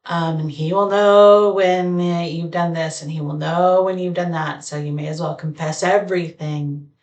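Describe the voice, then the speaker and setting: A woman talking alone to her camera at home, meandering through her thoughts with many pauses and fillers. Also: lowish voice, fairly even intonation, darkish tone, highs cut off. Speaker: vlogger. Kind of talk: reflective solo talk to camera. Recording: echoey room, voice far from mic.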